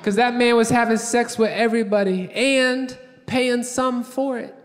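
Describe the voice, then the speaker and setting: High-voiced brash stand-up comedian. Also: male voice, steady tone, moderate pace. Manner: brash, profane storytelling with acted-out quotes. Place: large theater stage before a live audience. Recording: live theater with long reverb. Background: audience laughter.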